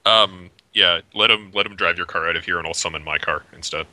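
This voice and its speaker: Very deep, bright-edged male player. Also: fairly quick, dry recording, low-quality recording. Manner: blunt, swears casually. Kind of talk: casual tabletop game chat.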